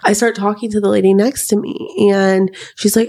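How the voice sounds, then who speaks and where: A woman's voice: mid-range voice, level tone, a little fast, a little mellow, a little hiss or hum. A young woman in her twenties, co-hosting a podcast and telling a long story in a chatty way, full of "like" and "um". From United States. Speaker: podcast co-host. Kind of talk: casual chat.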